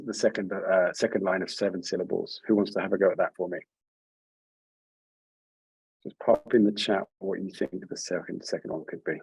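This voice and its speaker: A man's voice: deep voice, vocal fry, darkish tone, slightly rough, no room sound, low-quality recording. A man leading an online writing workshop over a video call, speaking in a friendly, encouraging way with frequent restarts. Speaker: workshop leader.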